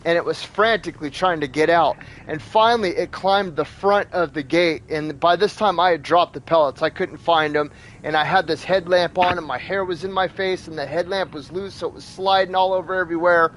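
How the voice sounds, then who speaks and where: A man hosting a gaming video, telling a story in a casual, animated, profane way and acting out sound effects. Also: on the high side, fairly quick. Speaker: gaming channel host. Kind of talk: casual storytelling over gameplay.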